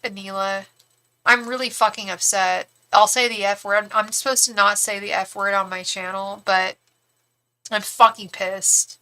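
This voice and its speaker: A woman's voice: mid-range voice, steady tone, normal speed, pushed and bright. A woman giving a live-stream tarot reading, talking frankly and chattily, with lots of fillers and some swearing. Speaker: tarot reader and psychic.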